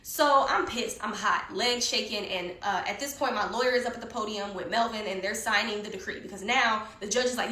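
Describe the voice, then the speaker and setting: A woman telling a story in casual conversation, animated and heated, swearing often, recorded in an echoey room. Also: medium pitch, fairly quick, hardly any pauses. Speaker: guest storyteller.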